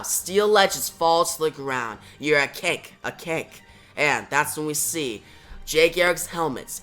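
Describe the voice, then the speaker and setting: Bright-voiced man recapping comics. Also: a little high. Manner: enthusiastic, adds sound effects. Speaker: comic book reviewer.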